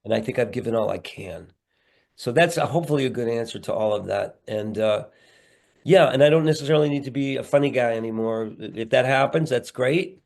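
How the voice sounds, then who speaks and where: Gravelly man rambling earnestly. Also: medium pitch, a little fast, darkish tone. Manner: rambling, earnest, playful asides. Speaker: guest comedian and actor. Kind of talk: candid podcast interview.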